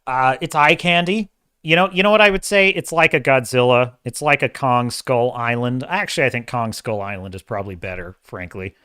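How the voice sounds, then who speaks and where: A podcast host hosts a live-stream show, delivering a rambling, opinionated movie review in an animated way and often correcting himself mid-thought. His voice is medium in pitch, smooth and a little fast, recorded at studio quality with no room sound.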